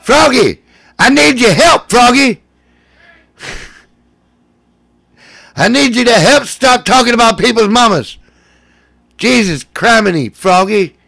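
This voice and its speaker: A man putting on the voice of a frantic man who yells desperately for help. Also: animated, measured pace, creaky, dry recording, exaggerated voice. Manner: shrill desperate yelling.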